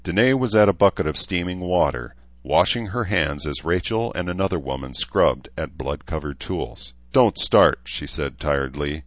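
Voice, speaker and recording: A man narrating an audiobook in an even, measured reading, on a dry, slightly dull recording. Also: low-pitched, no room sound.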